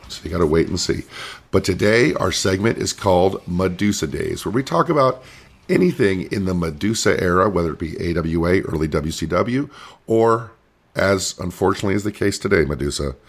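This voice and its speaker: A man's voice: low-pitched, expressive, fast talker, vocal fry, breathy edge. A man co-hosting a talk show, steadily recapping topics and setting up questions for his guest. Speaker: co-host and interviewer. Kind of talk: casual interview chat.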